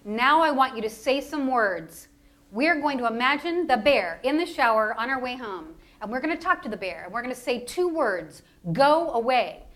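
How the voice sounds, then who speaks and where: A woman's voice: fairly high pitch, lively intonation, moderate pace, a bit bright. A woman teaching public speaking to a live audience, leading breathing exercises in an encouraging, playful coaching manner. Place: lecture hall with audience.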